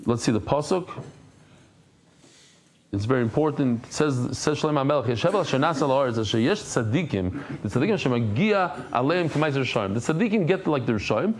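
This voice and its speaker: Speaking at a quick pace in a medium-pitched voice, a male Daf Yomi teacher leads a Talmud class. He acts out characters with different voices in animated stories and mixes Hebrew and Yiddish terms into his speech.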